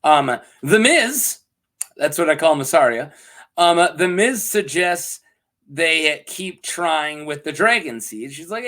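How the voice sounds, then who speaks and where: A man's voice: a little high, animated, slow pace, a bit bright. A man casually recapping a TV episode from a script, joking and laughing often, with lots of ums. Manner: giggly and joking, full of ums and asides. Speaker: TV show reviewer.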